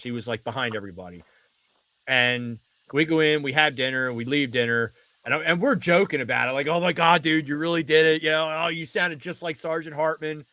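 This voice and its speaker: A man's voice: medium pitch, sharp tone. A man in a casual podcast chat, telling a long anecdote with frequent restarts and fillers.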